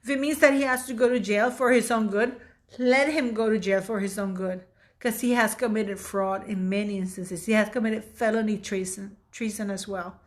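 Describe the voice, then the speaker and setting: A woman's voice: mid-range voice, steady tone, moderate pace. A woman in her fifties hosting her own channel, giving blunt, indignant opinion commentary with emphatic delivery. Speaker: channel host.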